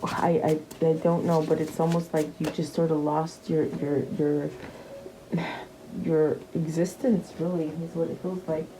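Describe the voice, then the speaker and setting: A woman's voice: low voice, little pitch movement, a little slow, dark tone, slight background noise, rough recording. A woman giving a casual tarot reading, chatty and repeating her questions to the cards, with many fillers and restarts. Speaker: tarot reader.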